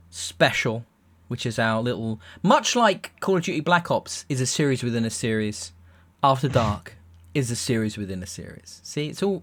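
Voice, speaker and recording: A man's voice: medium pitch, a bit bright. A young man hosting a casual podcast chat, jokey and rambling, often restarting his sentences. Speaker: podcast host.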